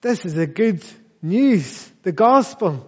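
A man preaches slowly and earnestly, his voice sitting high for a man. He presses his congregation with repeated questions and drawn-out emphatic phrases. The sound is dull and lo-fi, with long reverb from the church hall. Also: very animated, a little mellow, breathy edge. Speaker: pastor. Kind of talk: sermon.

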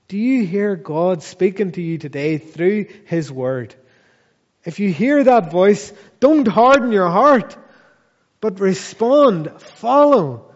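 A man preaches slowly and earnestly, his voice sitting high for a man. He presses his congregation with repeated questions and drawn-out emphatic phrases. The sound is dull and lo-fi, with long reverb from the church hall. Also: expressive. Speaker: pastor. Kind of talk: sermon.

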